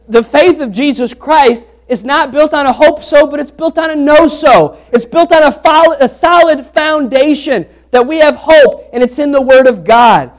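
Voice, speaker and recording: A man preaching a sermon to a congregation. He talks in a casual, animated way and drifts into personal anecdotes. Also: extremely high pitch. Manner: conversational, animated storytelling with restarts. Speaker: pastor.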